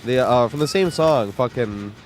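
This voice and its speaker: A man livestreams a video game, chatting loosely and profanely with viewers in a mid-range voice at a moderate pace. A cold leaves him sounding weak and congested, and soft music plays in the background.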